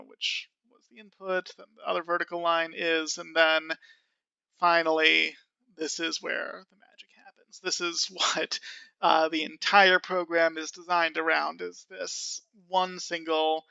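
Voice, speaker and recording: A man's voice: on the high side, gravelly, sharp tone, clean tone, dry recording, highs cut off. A man giving a casual programming tutorial, chatty and self-amused, with frequent fillers. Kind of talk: screen-recorded coding tutorial.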